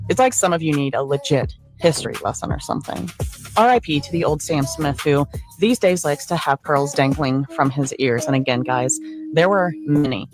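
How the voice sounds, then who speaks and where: A woman reading a scripted voice-over narration in a sly, insinuating tone, dropping knowing asides. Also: sits low. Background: music bed.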